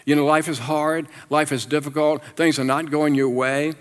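Middle-aged male pastor, fairly high voice, lively storytelling sermon, church hall with long reverb. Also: moderate pace, smooth. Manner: animated, self-deprecating storytelling with laughs. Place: church sanctuary.

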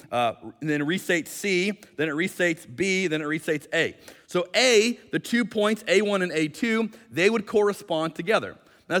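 Man, pastor, sermon, conversational teaching, light humor, high-pitched, long church reverb. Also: a bit bright. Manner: conversational, explanatory, lightly joking. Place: church sanctuary.

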